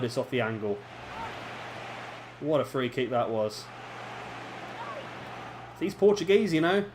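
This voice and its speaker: A man's voice: medium pitch, unhurried, pauses often, darkish tone, a little hiss or hum. A young man giving casual, self-deprecating commentary while playing a football video game. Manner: chatty, self-deprecating, reacting aloud to play. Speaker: gaming commentator. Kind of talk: casual let's-play commentary.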